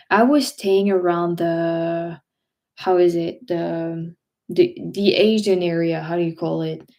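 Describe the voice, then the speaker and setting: A woman with a French accent hosts a casual livestream chat, her voice sitting a little low with a warm, dark tone. She rambles easily, trailing off, restarting and filling pauses as she goes. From France. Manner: rambling, chatty, many restarts and fillers. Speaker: host. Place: home.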